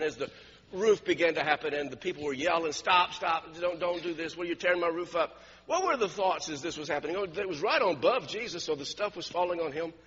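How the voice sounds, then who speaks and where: A pastor preaches a sermon in a high, bright, slightly husky voice, sharing a personal story, chuckling often and repeating his words. The lo-fi, dull recording carries the long reverb of a church hall.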